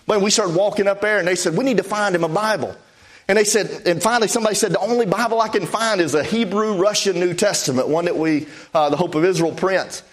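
A man's voice: high-pitched, quick pace. A man preaching, telling a testimony story in a folksy way with many "I said" asides. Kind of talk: storytelling sermon.

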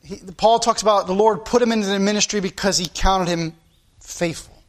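A man's voice: sits high, fairly quick. A man preaching a sermon to his church as pastor, earnest, with sound-effect asides.

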